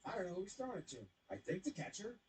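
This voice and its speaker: A man casually recapping baseball highlights, joking and voicing the players as he goes. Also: rapid-fire, a little hiss or hum. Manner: animated, jokey, voices the players.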